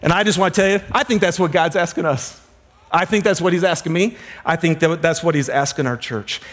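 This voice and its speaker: A man preaching a sermon as a pastor, telling stories with dramatic slowdowns and hushed emphasis. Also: a little high.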